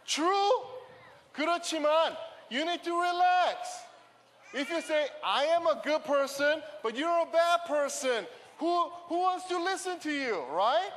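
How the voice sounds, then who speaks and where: A man giving an energetic call-and-response sermon to a family audience in a church hall. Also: very high voice, normal speed. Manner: energetic, call-and-response, switching between English and Korean. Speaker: youth pastor. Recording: long hall reverb, faint music.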